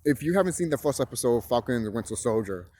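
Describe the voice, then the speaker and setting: A young man vlogs from a chilly hillside outdoors, rattling off rapid-fire, animated chatter full of profanity, emphasis and restarts as he shivers a little. His medium-pitched voice is a touch mellow, with no room sound.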